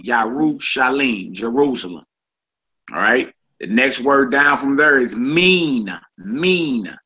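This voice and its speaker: Slow, bright-voiced man teaching vocabulary. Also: medium pitch. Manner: slow, repeats each word, casual slang. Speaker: Hebrew teacher. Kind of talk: casual vocabulary lesson. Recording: dull lo-fi sound.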